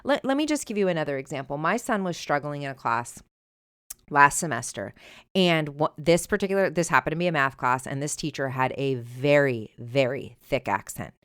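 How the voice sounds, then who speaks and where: Middle-aged woman, solo podcast host, emphatic conversational delivery, slightly low, smooth voice, dry close sound. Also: normal speed, no room sound. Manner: emphatic, conversational, animated when retelling. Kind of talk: solo podcast advice talk. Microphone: earbuds with mic.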